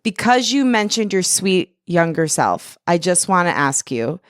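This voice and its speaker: A woman hosting a podcast interview, affirming her guest warmly and laughing readily. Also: lowish voice, very animated, measured pace, no echo, clean studio sound. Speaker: podcast host. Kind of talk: interview conversation.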